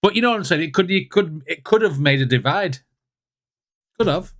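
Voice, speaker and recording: A man's voice: on the high side, lively intonation, a little fast, a bit bright. A man hosting a music reaction video, chatting casually and rambling with frequent laughs.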